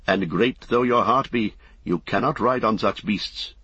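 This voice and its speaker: Old warrior king, voiced by a male narrator: grave, commanding, husky, dull recording. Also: lowish voice, measured pace, bright, forceful tone, no room sound, heavily acted. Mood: kindly. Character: aged proud warrior king.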